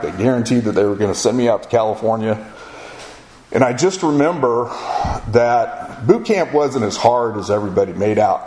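Folksy Floridian man telling a story. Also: mid-range voice. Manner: folksy, animated storytelling with acted-out quotes. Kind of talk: casual spoken memoir. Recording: echoey room with faint ambient noise.

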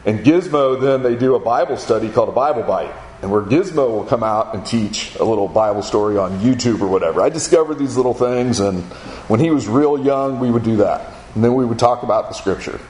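A man's voice: a little fast, darkish tone. Conversational man telling a story in an echoey room. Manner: conversational, acts out his son's and others' lines in a higher voice. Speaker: speaker at a men's gathering. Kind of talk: sermon-style storytelling.

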